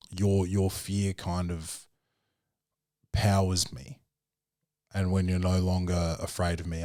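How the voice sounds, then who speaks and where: A young man hosting a podcast alone, rambling through a casual film review with fillers, restarts and swearing, and acting out quoted voices with sudden high jumps. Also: no echo, clean studio sound. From Australia. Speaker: podcast host.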